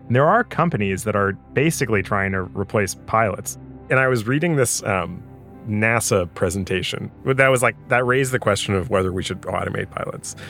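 A man's voice: fairly low pitch, a bit bright. A man hosting a podcast, talking in a reflective, casual way and laughing easily. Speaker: podcast host.

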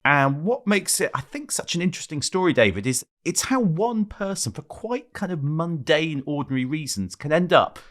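Male podcast co-host, measured reader, easy conversational delivery. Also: fairly high pitch, very animated, a bit bright. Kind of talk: podcast chat and reading aloud.

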